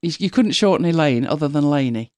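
Co-host, middle-aged woman; animated, laughs easily, very expressive pitch. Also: brisk, dry recording, studio quality. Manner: chatty, laughs often, animated storytelling. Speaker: podcast co-host. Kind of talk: casual chat.

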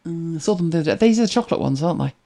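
Woman host, wry and chatty, animated pitch, relaxed storyteller. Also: very fast. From Britain. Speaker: livestream host reading viewer comments. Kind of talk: casual chat.

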